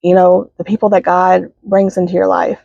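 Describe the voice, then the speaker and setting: A woman's voice: fairly low pitch, level tone, gravelly, mellow, no echo. Teary woman vlogging from her car. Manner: halting, many fillers and apologies. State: teary, sniffling. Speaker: spiritual healing vlogger. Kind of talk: casual heartfelt vlog. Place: parked car. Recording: dull, dry sound inside a car.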